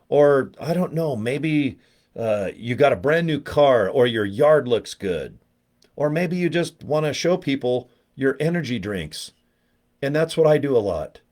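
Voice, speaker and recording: A man's voice: medium pitch, darkish tone. A man hosting a casual live stream, rambling and joking with viewers in the chat and poking fun at himself. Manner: joking, rambling, self-mocking; talks to viewers in the chat by name. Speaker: livestream host promoting products.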